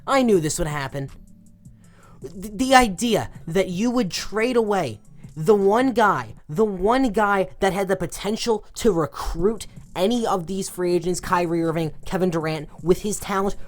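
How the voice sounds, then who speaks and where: A young man giving a passionate, exasperated opinion rant as a sports commentator, swinging between loud outbursts and low muttering. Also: moderate pace, soft background music.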